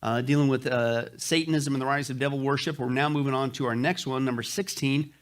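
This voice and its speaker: A man's voice: medium pitch, steady tone, brisk. A middle-aged male pastor giving jokey, folksy church announcements to his congregation, with lots of "uh" fillers. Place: church sanctuary.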